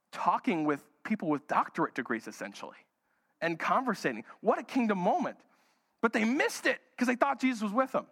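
High-voiced pastor preaching in a reverberant hall. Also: male voice, fairly bright tone. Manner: playful, acts out Bible characters in put-on voices. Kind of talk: sermon. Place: church hall.

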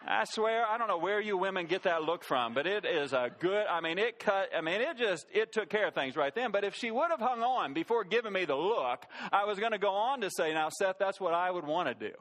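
A middle-aged male pastor preaching a sermon, telling stories with animated delivery and quoting people in character. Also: high-pitched, brisk, hardly any pauses. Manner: animated storytelling, quotes people in character, laughs at his own stories.

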